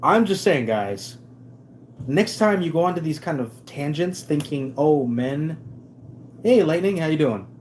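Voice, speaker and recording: A man's voice: on the high side, sing-song, normal speed, slight background noise. A man hosting a live stream, ranting in a sarcastic, emphatic way with many restarts. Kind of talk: casual ranting commentary.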